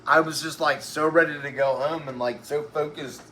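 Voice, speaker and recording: A man's voice: fairly high pitch, steady tone, normal speed, pushed and bright. Man, casual rambling storyteller, profane, lots of filler, slightly breathless, echoey room, faint background noise. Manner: rambling, profane, peppered with "like" and "right?". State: breathless, uses oxygen. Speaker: interview guest.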